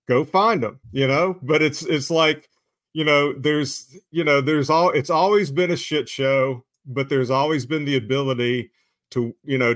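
A man's voice: mid-range voice, fairly bright tone, dry recording, studio quality. A man talking as a guest on a live-streamed discussion, rambling with lots of fillers and some swearing. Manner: rambling, heavy use of "you know" fillers, profane. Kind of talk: casual live-stream chat.

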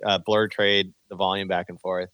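A man on a casual podcast who talks fast and teases the others. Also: low voice, flat delivery, a bit bright, clean tone, dry recording, rough recording.

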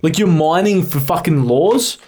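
A man in crude casual banter on a podcast, profane and animated, riffing on jokes. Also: on the high side, unhurried, slightly rough.

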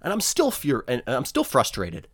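A young man rambles through a profane comedic monologue, his pitch swinging widely from low mutters to sudden high squeaks. The sound is dry and close, with no room around it. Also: fairly quick, no room sound. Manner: rambling, profane, animated, jumps into high-pitched voices for quoted people.

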